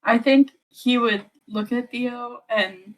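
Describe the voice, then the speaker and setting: Slow-talking woman playing a tabletop game. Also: a little high, fairly even intonation. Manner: slow, hesitant, thinking aloud. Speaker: player.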